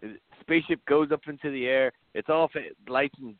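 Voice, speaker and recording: A man on a podcast tells a movie plot in a loose, laughing way, swearing freely. His voice sits a bit high. The sound is dry and thin, like a phone line. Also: fairly quick, dry recording. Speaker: podcast co-host. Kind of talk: casual chat.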